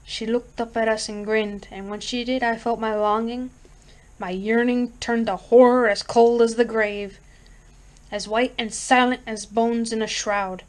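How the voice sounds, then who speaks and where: A woman's voice: fairly high pitch, fairly even intonation, a little slow. A woman reading a horror short story aloud, narrating steadily and expressively. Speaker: reader.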